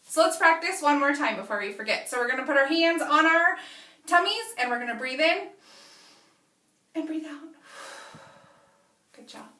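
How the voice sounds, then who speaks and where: A woman teacher reading a picture book aloud to young children, stopping often to ask them animated questions. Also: high voice, moderate pace, long pauses, recorded from a distance. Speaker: preschool teacher. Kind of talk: children's story read-aloud lesson. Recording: echoey room, away from mic.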